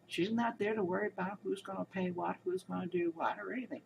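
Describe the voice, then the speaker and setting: A woman's voice: lowish voice, fairly even intonation, quick pace, gravelly, darkish tone, a little hiss or hum, rough recording. A woman giving casual spoken commentary, telling her story in an indignant, emphatic and rambling way. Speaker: commentator recounting a hospital experience.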